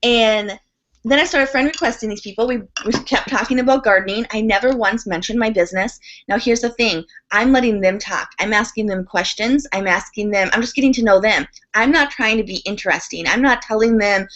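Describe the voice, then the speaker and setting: A woman talking as a guest in a podcast interview, telling a story in a chatty, animated way with quick asides. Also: on the high side. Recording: dull lo-fi sound.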